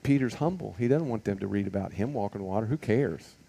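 Mellow-voiced man teaching Bible class. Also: fairly low pitch, expressive, brisk, vocal fry, slightly rough. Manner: conversational, full of rhetorical questions and fillers. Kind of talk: casual Bible teaching to a group.

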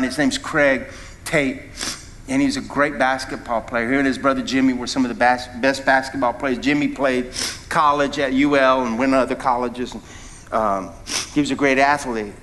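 Animated preacher man, bright voice. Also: brisk. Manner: animated preaching with sudden rises in pitch and volume, asks the congregation questions. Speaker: founding pastor. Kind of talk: sermon.

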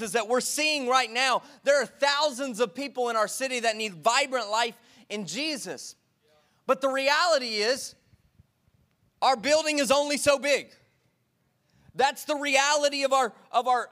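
A man preaching a sermon in a church, energetic and repetitive, calling for responses from the congregation. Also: very high voice, normal speed. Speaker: pastor. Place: church sanctuary.

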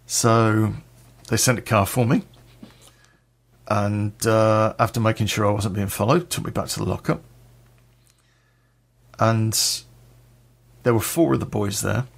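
A man tells a story from his own life, blunt and full of swearing, with a laugh now and then. His voice sits low with a heavy gravelly fry. The delivery stays casual and direct. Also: a little slow, long pauses. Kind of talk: personal storytelling.

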